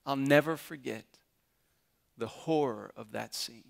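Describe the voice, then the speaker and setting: A pastor in his forties tells personal stories from the pulpit with quiet earnestness. His mid-range man's voice rises into forceful, emphatic peaks as the sermon builds. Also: medium pitch, a little slow, creaky.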